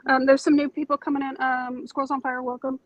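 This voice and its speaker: Woman, livestream co-host, calm, conciliatory, slightly high voice. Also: fast talker, dry recording, poor audio. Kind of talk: casual panel livestream. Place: home near a yard.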